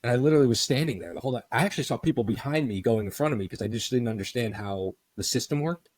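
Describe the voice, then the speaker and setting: An American man co-hosting a podcast, telling a long story in a rambling, animated way, full of "I was like". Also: mid-range voice, very fast, no echo. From United States. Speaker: podcast co-host. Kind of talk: casual storytelling chat.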